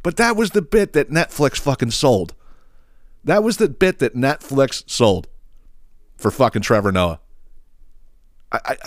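A man's voice: medium pitch, lively intonation, a little slow, long pauses, dry recording, studio quality. A man hosting a podcast, ranting in a blunt, profane, exasperated way. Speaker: podcast host. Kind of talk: casual ranting commentary.

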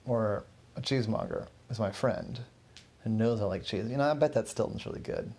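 Storyteller voices a nervous, over-apologetic young man with a gravelly, stammering delivery. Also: on the low side, fairly quick, darkish tone. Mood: anxious. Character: nervous anxious young man moving house.

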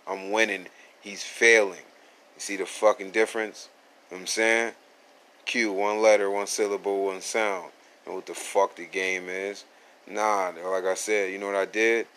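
A man's voice: on the low side, a bit bright. A man hosting his own podcast, telling a story from work in a boastful, streetwise, profane manner. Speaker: podcast host. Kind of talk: casual storytelling. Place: outdoors at a fair, at work. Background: faint outdoor ambience, people walking by.

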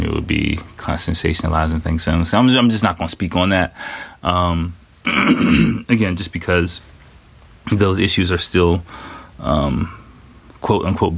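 A man's voice: low-pitched, creaky. A man casually recounting a personal story in a loose, profane way, with lots of fillers and quoted asides. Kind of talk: casual spoken monologue. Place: living in Japan.

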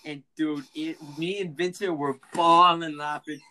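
A teenage boy hosting a casual podcast, telling a prank story in an excitable, laughing, slangy way and acting out the voices. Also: a little high, measured pace, crowd noise, poor audio. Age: teens. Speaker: podcast host.

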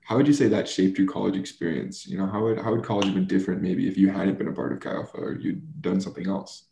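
A man's voice: sits low, fairly even intonation, quick pace, gravelly, dark tone. A young man hosting a casual interview, laughing easily and asking loose, rambling questions. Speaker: host. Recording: roomy echo, faint background hum.

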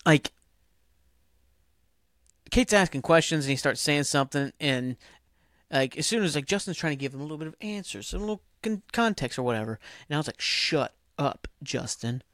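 A man's voice: on the high side, animated, brisk, long pauses, fairly bright tone, no echo, studio quality. A man hosting a podcast, recapping a TV episode in a rambling, casual way full of fillers. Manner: rambling, filler-heavy, acts out characters' lines. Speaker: podcast host.

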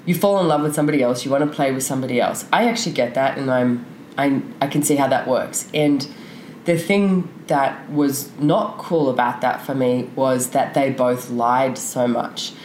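A woman's voice: very deep voice, moderate pace, darkish tone. A woman, a podcast guest talking openly and frankly, rambling with lots of fillers. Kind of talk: candid conversational interview. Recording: echoey room with faint noise.

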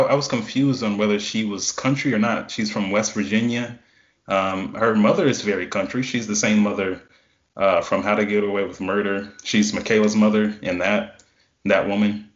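Low-ish guy on a podcast, keeps tripping over his words, echoey room, muffled. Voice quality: hesitant, stammering restarts. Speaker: podcast co-host. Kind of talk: casual TV review chat. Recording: roomy, dull lo-fi sound.

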